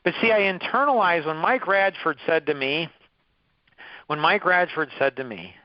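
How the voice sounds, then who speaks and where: A man's voice: a little high, lively intonation, moderate pace, dry recording, dull audio. A man in his fifties leading a course, telling personal stories in an emphatic, repetitive way, often restarting his phrases. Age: 50s. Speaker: course leader. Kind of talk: motivational talk with personal stories.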